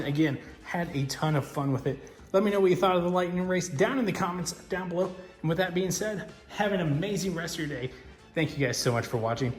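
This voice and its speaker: A man hosting diecast car races, giving excited sports-style race commentary and calls. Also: fairly high pitch. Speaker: diecast racing host. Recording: echoey room with music.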